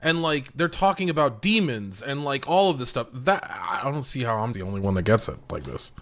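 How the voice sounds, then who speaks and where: A man's voice: medium pitch, lively intonation, fairly quick, fairly bright tone. A man co-hosting a podcast, making his case in an earnest, argumentative way. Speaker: podcast co-host. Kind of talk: casual discussion.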